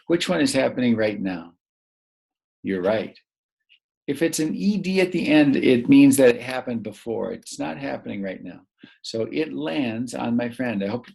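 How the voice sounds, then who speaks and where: Slow gravelly man teaching grammar. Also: medium pitch, a little mellow. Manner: slow, patient, prompting pauses and answers. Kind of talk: recorded grammar lesson for young children.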